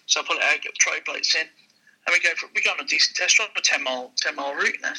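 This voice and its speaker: Bright husky-voiced man telling stories. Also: a little high, very fast, rough recording. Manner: lively, acts out the people in his stories. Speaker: used car dealer, guest. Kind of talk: casual storytelling anecdote.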